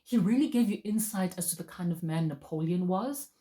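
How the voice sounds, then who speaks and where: A woman's voice: fairly low pitch, expressive, brisk, warm tone. A woman giving a casual, chatty movie review, talking straight to her viewers and laughing often.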